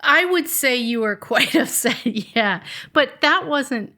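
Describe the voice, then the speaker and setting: Middle-aged woman, bright sharp tone, emphatic advice-giving podcast co-host. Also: sits high, animated, takes it slowly. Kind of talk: casual podcast chat.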